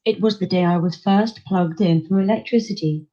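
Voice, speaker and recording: A woman's voice: lowish voice, moderate pace, mellow, lightly acted. A synthetic woman's voice speaking for a female robot with a posh English accent, on dull lo-fi audio. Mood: cheerful.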